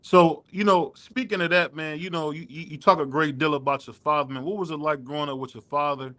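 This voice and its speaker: A man hosting a boxing podcast, loose and casual, giving shout-outs and asking questions. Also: on the high side, steady tone, fairly quick. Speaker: podcast host.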